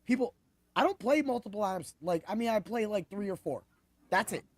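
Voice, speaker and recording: A man hosting a podcast, talking excitably about fights in a rambling way that keeps correcting itself. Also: high-pitched, fairly quick, no room sound. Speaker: podcast host. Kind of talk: animated sports betting chat.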